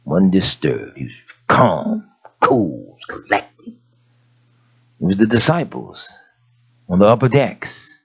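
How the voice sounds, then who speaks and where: A man delivers a sermon in a folksy, animated style, his pitch swinging widely between hushed asides and sudden shouts. The recording is dull and lo-fi. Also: slow pace, gravelly, long pauses, husky, a faint crowd. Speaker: preacher.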